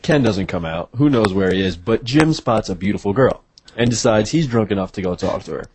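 A man's voice: on the low side, lively intonation, brisk, noisy background. A man casually telling a rambling night-out story among friends, laid-back with crude jokes.

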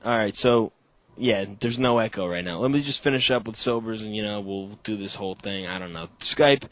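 A man's voice: fairly low pitch, brisk, fairly bright tone. Profane, rambling male podcast host. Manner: profane, rambling, laughing often. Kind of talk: casual chat. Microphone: call-in setup with echo.

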